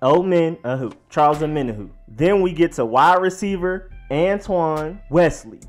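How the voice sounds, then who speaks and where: A man hosting a sports vlog, casually explaining how to pronounce names, slowly spelling out each one and repeating it. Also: fairly high pitch, lively intonation, faint music behind. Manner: slowly sounds out each name, then repeats it. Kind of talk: pronunciation guide, casual explainer.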